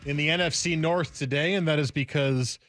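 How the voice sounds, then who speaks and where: A man's voice: fairly high pitch, brisk, a bit bright, faint music behind. A man hosting a sports radio show, talking casually and rambling through thoughts with restarts.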